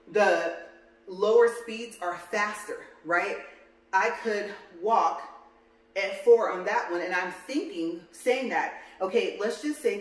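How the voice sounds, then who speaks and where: A woman vlogging casually while walking on a treadmill, out of breath and rambling as she corrects herself. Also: mid-range voice. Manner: rambling, self-correcting chatter. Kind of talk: casual walk-and-talk vlog. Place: home room on a treadmill. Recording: roomy, distant home recording.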